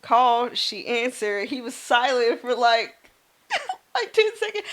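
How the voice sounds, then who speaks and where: A woman's voice: on the high side, slow. A woman, a nurse co-hosting a podcast, telling a story in casual chat and acting out the people in it. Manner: animated storyteller, acts out quoted voices.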